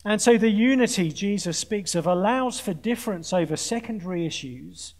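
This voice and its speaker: A man preaching with a high, light voice, earnest and pointed, with a dry sense of humour. He builds points through repeated phrases and stumbles briefly into restarts. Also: lively intonation, normal speed, a little mellow. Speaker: conference speaker preaching. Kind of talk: sermon to a student audience. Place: large conference hall with an audience.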